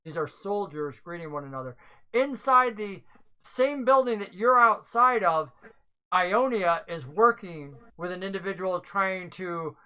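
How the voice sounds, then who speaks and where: A game master narrating a tabletop roleplaying session. The voice is bright, and the pitch sits in the middle. They explain rules at length and think aloud as they go. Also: rough recording.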